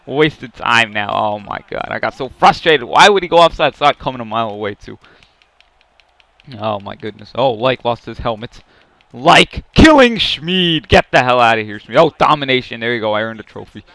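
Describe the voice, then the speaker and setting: A man commentating his own hockey video game, muttering play-by-play and then yelling at big plays. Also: mid-range voice, animated, normal speed, no room sound. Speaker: gaming YouTuber. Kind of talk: excited play-by-play gameplay commentary.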